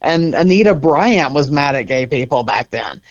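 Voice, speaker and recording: A middle-aged man, a center co-founder, is a guest in a conversational interview, speaking earnestly and reflectively with the occasional laugh. His fairly high voice has lively intonation at normal speed, captured in slightly dull lo-fi audio.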